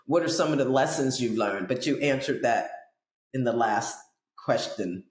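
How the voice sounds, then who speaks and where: A woman hosting a podcast interview, chatting casually and wandering into animated digressions. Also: rumbling low, normal speed, roomy sound, crowd noise. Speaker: podcast host.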